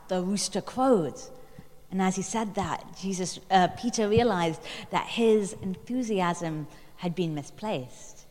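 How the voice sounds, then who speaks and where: Woman, sermon, reflective storytelling, pauses and fillers, mid pitch, long reverb. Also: a little mellow. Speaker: preacher.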